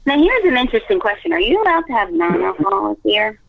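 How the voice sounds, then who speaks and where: A woman's voice: medium pitch, very animated, fast talker, gravelly, no room sound. A woman on a phone call, starting hesitantly and then explaining her point insistently. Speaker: caller on a recorded phone call. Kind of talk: casual phone conversation. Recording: tinny phone line.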